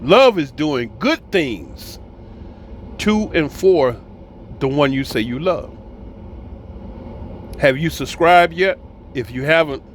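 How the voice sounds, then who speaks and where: Animated preachy man with a lively pitch. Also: a little hiss or hum. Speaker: commentator. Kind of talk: casual talking to camera.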